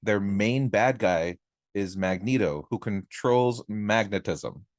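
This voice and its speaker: Animated laughing man ranting on a podcast. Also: lowish voice, slow, no room sound, studio quality. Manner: animated, laughing, swearing freely. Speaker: podcast co-host. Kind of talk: casual chat, comedic rant.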